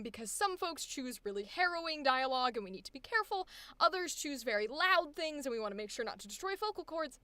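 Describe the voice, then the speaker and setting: Casting note: high-pitched young female voice coach, chatty and exclamatory, dry close sound. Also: bright, forceful tone, no echo. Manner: chatty, laughs often, exclamatory. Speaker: voice acting coach. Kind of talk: live-streamed coaching session.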